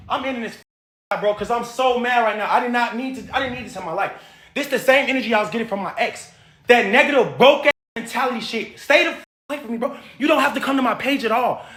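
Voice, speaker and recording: A man ranting heatedly at his livestream viewers, cursing and shouting at them. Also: very high voice, animated, fast. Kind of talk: livestream rant to chat. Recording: roomy echo.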